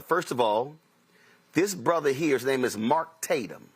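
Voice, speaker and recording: A man's voice: on the high side, lively intonation, unhurried, fairly bright tone. A man hosting a talk show, telling a story in a preachy way and acting out the conversations he quotes. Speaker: host.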